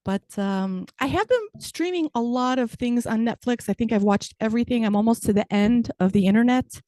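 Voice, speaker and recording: A woman's voice: fairly high pitch, moderate pace, mellow, dry recording. Dry, self-mocking middle-aged woman comic. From Chicago, US. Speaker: stand-up comedian. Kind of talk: stand-up set on a video call.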